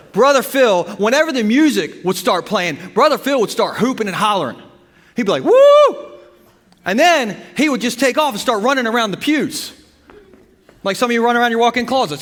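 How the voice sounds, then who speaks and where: A man preaching a sermon as pastor, animated and humorous, telling stories with bursts of emphasis. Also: sits high. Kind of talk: sermon with storytelling. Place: church sanctuary. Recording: long hall reverb from the church.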